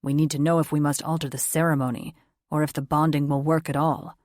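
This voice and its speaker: A woman voicing a gruff, scowling older werewolf man who questions people accusingly. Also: sits low, little pitch movement, a little fast, a little mellow, no room sound, studio quality, natural voice. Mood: suspicious. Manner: accusing, probing.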